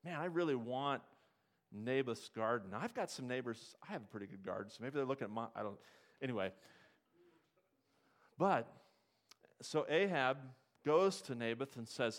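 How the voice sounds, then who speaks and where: A man preaching a sermon in a church, retelling scripture stories with lively asides and questions to his congregation. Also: mid-range voice, moderate pace. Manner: storytelling preacher, asks the congregation questions, acts out the story's characters. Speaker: pastor.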